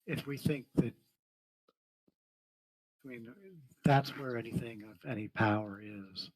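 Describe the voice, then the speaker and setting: A man playing a tabletop game, thinking aloud in halting speech with restarts. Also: mid-range voice, rough recording. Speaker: player. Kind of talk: casual game chat.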